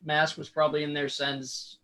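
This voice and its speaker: A man's voice: a little high, completely flat delivery, moderate pace, sharp tone. A young man, a newer umpire, chatting frankly on a call and asking questions. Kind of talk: casual call-in chat.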